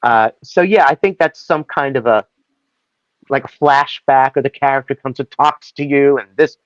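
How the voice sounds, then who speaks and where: A man's voice: medium pitch, moderate pace, no room sound, highs cut off. A male actor guest chatting in an interview, telling rambling stories and slipping into voices. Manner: rambling, animated storyteller who slips into voices. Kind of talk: casual interview chat.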